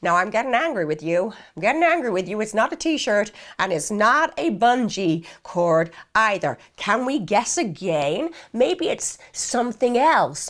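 A woman doing a pushy American police interrogator. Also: mid-range voice. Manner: leading, impatient, coaxing.

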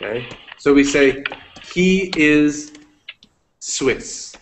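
Patient male English teacher, slow. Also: fairly high pitch, animated, a little hiss or hum. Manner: patient, encouraging, switches to Spanish to explain. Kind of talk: one-on-one language lesson.

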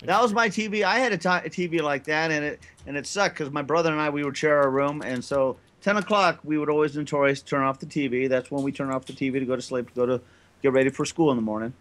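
A man co-hosting a casual gaming podcast, telling childhood stories and acting out the quotes loudly. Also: on the high side, quick pace. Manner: storytelling, acts out quotes loudly. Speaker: podcast co-host. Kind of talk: casual group chat.

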